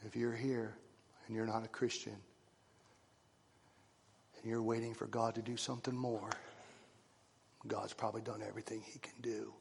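A man preaching a sermon to his congregation, swinging from loud rising calls to hushed, whispered lines. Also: lowish voice, flat delivery, moderate pace, gravelly, long pauses, slight background noise. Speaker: pastor. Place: church sanctuary. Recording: long reverb of a church hall.

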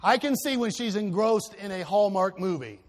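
A man preaching a sermon as pastor, telling stories in a lively way and moving between loud, excited passages and quiet, earnest ones. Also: high voice, moderate pace. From Ohio, USA. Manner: animated storytelling with shifts between loud and soft. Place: church sanctuary. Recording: long reverb of a large hall.

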